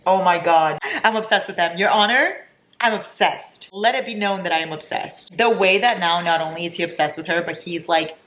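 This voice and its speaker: A young woman in her twenties, gushing and excitable as she chats casually about books in a reading vlog. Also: on the low side, moderate pace. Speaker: book vlogger. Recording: echoey room with faint noise.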